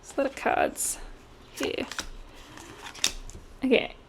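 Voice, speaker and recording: A woman giving a casual tarot reading, chatty and quick to laugh. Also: noisy background. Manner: chatty, laughs often, mimics voices in quotes. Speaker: tarot reader.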